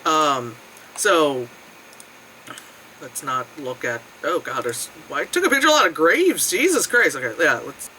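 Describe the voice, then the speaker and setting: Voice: measured pace, slight background noise, low-quality recording. A vlogger telling a travel story in a casual, rambling way, full of fillers and frequent swearing. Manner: animated, jumping between high and low tones.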